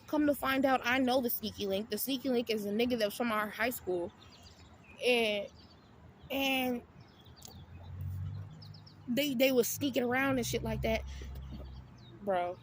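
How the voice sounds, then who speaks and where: A woman with a high voice rants through a casual storytime. She is blunt and profane and animated, and her voice rises when she acts out what she said back. Faint noise sits under her voice outdoors. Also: measured pace, long pauses. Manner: acts out her own retorts in a raised voice. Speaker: vlogger.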